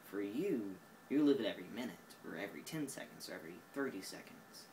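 A man's voice: on the low side, expressive, fast, darkish tone, slight background noise, low-quality recording. A tired man with an Oklahoma accent, rambling goofily through a casual vlog monologue recorded on a phone while sitting indoors. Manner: goofy, drifting, self-mocking. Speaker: vlogger.

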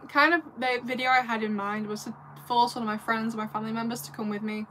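A woman's voice: on the high side, steady tone, fast talker, bright, forceful tone, slight background noise. A young English woman from the north of England, chatting casually on a livestream, giggly and rambling as she answers viewers at home.

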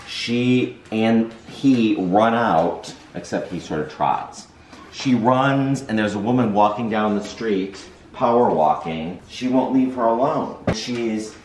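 Low-voiced man telling a story in an echoey room. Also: a little hiss or hum. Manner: animated anecdote-telling with laughs. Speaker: vlogger's partner. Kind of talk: casual storytelling.

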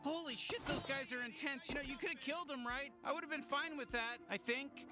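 A man's voice: very high-pitched, a little fast, loud music behind the voice. A man voicing a wisecracking talking alien gun in a video game, rambling and stammering as he chats. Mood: impressed.

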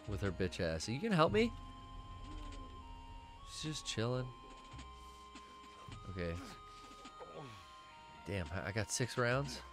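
A man co-hosting a casual gaming stream, laid-back and swearing often, muttering to himself as he plays. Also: fairly low pitch. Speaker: stream co-host playing a video game.

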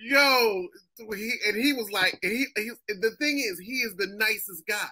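A man from Massachusetts, a comedian guest in casual chat, telling animated stories and acting out other people's voices. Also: high voice, normal speed, breathy edge.

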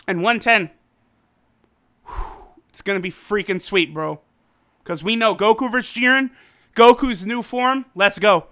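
A man casually reviewing an anime episode, recapping it in an excitable, profane way and often laughing. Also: extremely high pitch.

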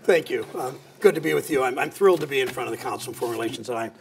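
A man with a raspy, gravelly voice giving a folksy, self-deprecating speech with anecdotes to an audience in a meeting room, with a Midwestern American accent. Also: mid-range voice, rapid-fire, a little hiss or hum. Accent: Ohio, Midwestern American. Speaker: senator giving a talk. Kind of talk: after-dinner style speech with anecdotes.

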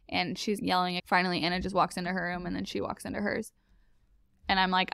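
A young woman casually telling a story, acting out the quoted lines in a lively, higher voice. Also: fast, creaky, smooth, dry recording.

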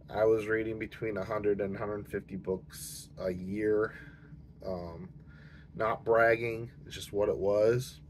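A man with a lowish voice chats casually about books, rambling and restarting his sentences with plenty of fillers. He has the hiccups. A faint hum of room ambience sits behind him. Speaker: book channel host. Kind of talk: casual chat to camera.

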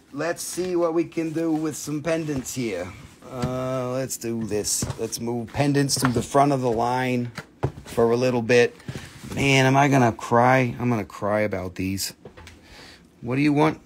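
Speaking a little slowly in a medium-pitched voice, an Appalachian man runs a casual live auction online, goofing around and making playful puns. There's slight background noise.

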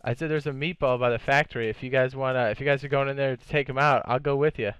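A man's voice: medium pitch, quick pace, smooth, no room sound. Guy streaming a shooter game, live commentary, cusses and gets hyped, clean resonant voice. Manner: excitable, profane, laughs often.

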